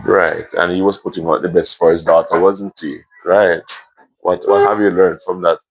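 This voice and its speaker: A Jamaican man gently reading his own emotional story aloud to a primary school class, adding asides. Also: low-pitched, flat delivery, moderate pace.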